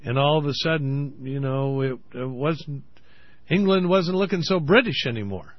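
A man's voice: a little high, normal speed, no room sound, muffled recording. A man in a played interview clip, talking earnestly with many ums and uhs. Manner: hesitant, many fillers, earnest. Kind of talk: interview talk.

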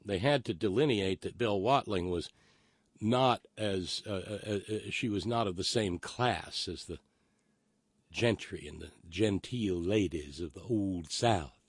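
A rambling, opinionated man speaking in a fairly low voice. He stammers and restarts often while holding forth in a casual monologue and reading out chat messages. The sound is dry and close, with no room around it. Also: unhurried, breathy edge, dry recording. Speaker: live stream host reading chat.

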